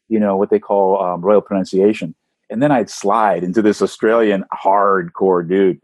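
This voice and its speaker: A man, a voice actor, talking casually in an interview, telling animated stories and swooping up in pitch for emphasis. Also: moderate pace, dry recording. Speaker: voice actor guest.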